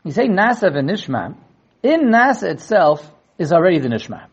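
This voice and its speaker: A man teaching a Talmud class in a lecture style, acting out quoted dialogue and repeating words in quick restarts. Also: high-pitched, slightly rough. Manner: animated, acts out quoted dialogue. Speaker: Torah teacher.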